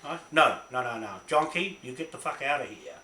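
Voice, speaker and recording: Brisk and expressive, a New Zealand man with a sharp, mid-range voice rants angrily at his own camera. He curses, circles back over his complaints, and keeps checking in with "right?", while the room echoes and a faint noise sits underneath.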